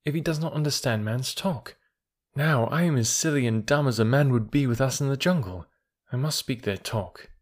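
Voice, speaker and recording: A man's voice: medium pitch, animated, normal speed, lightly acted. A man voicing a proud, thoughtful boy raised by wolves, speaking earnestly in old-fashioned words. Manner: earnest, archaic speech.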